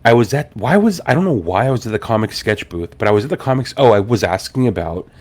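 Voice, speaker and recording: A young adult man hosting a podcast, telling a story in a casual, animated way, swearing and acting out the people in it. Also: medium pitch, fast. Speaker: podcast host.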